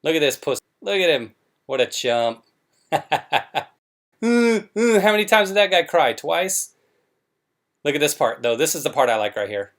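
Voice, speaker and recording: A man's voice: on the high side, very animated, normal speed, pauses often, a bit bright. A man hosting a commentary show, talking in a sarcastic, mocking way.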